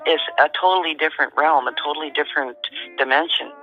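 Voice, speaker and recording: A middle-aged woman, calmly and matter-of-factly telling a personal story as a guest. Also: sits low, fast talker, highs cut off, faint music behind. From Canada. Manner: calm, matter-of-fact storyteller.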